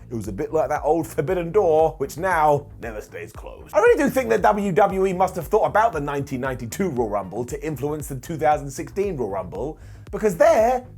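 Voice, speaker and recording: A young man narrating a wrestling countdown list in a wry, jokey way, slipping into quick voices for the people he talks about. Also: a little high, darkish tone.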